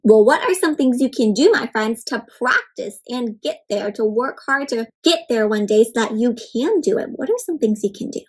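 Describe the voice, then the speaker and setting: A woman reading a picture book aloud to children, pausing often to encourage them and ask them questions. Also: fairly high pitch, lively intonation, darkish tone, slightly rough. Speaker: children's storybook reader. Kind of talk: interactive read-aloud for kids.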